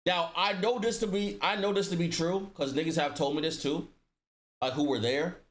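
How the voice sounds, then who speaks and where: A man's voice: fairly high pitch, normal speed. A man telling a personal story in casual storytime style, slangy and profane, acting out the dialogue with voice shifts. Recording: roomy echo.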